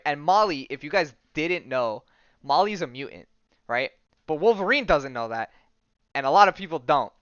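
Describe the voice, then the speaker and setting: A man's voice: mid-range voice, animated, moderate pace, long pauses, a bit bright, no room sound, dull audio. A man hosting a podcast, casually recapping a comic storyline in a rambling way full of ums and likes. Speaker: podcast host.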